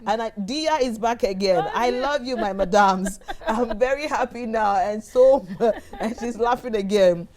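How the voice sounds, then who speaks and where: A woman's voice: a little high, measured pace, few pauses, a little mellow. A woman with a Ghanaian English accent hosting a live TV talk show, chatty and bubbly as she reads out viewer comments. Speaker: TV show host.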